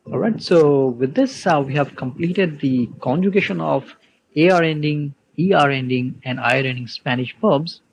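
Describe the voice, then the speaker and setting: A man teaching a Spanish verb lesson online, explaining slowly and patiently, with soft music behind. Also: fairly high pitch, a little hiss or hum, low-quality recording. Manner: slow, patient explaining with spelled-out letters.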